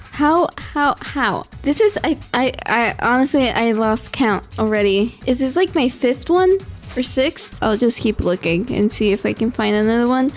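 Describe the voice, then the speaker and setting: A young woman with a fairly high voice chats casually over her gameplay, tired at a late hour. She pleads and sighs in exasperation and laughs often, and faint music plays under her voice. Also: expressive, a little slow. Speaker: gaming vlogger.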